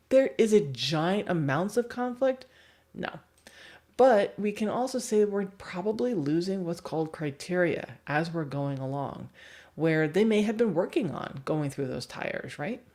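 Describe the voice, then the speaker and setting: A woman dog trainer with a low voice talks through a lesson on a livestream. She explains patiently, asks the viewers questions and laughs often. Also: animated, measured pace, darkish tone.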